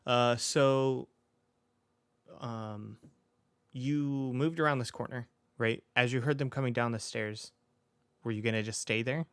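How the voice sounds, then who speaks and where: Man, game master, hesitant narration, smooth tone, dry close sound. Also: mid-range voice, steady tone, a little slow, pauses often, no echo. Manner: hesitant, many ums and restarts.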